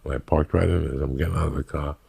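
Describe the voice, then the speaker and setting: A man's voice: extremely low pitch, fairly even intonation, very fast, creaky, warm tone, slightly rough. A Cuban-American man in his fifties, telling brash, swearing comic stories on a podcast and acting out the people in them. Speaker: comedian and podcast guest. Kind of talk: profane comic storytelling on a podcast.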